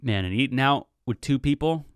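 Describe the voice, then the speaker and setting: A young man in his twenties hosts his own podcast, chatting in a loose, rambling way and slipping into quick impressions of people he quotes. His voice is smooth and clear at an ordinary middle pitch. The sound is dry and close, with no room around it. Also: animated, no room sound. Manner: rambling, chatty, acts out quoted gamer talk. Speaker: podcast host. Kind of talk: casual solo podcast monologue.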